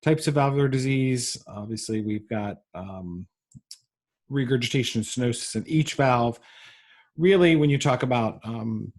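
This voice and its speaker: A man giving a recorded medical lecture, pausing often with ums and uhs. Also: medium pitch, a little mellow. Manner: halting, frequent ums and uhs.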